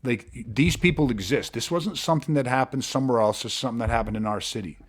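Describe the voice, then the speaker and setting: A man hosting a podcast, talking in an intense, blunt way with frequent swearing and halting restarts. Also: mid-range voice. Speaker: podcast host. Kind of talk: podcast monologue.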